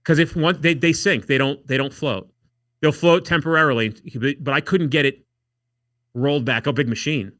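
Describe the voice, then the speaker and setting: A fairly high-pitched man speaks at a moderate pace, his clean studio recording free of echo. Appearing as a podcast guest, he relates wild stories in a loose, profane, animated way, acting out quoted dialogue.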